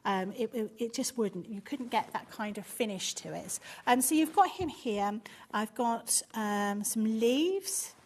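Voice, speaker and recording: A woman's voice: a little high, lively intonation, a little slow, few pauses. A woman demonstrating a craft machine on a live show, chatty and explaining step by step.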